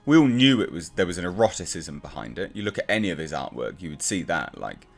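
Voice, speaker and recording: A man's voice: deep voice, big pitch swings, fast, vocal fry, faint music behind. A man reviewing a comic book in a casual, exasperated and sarcastic rant.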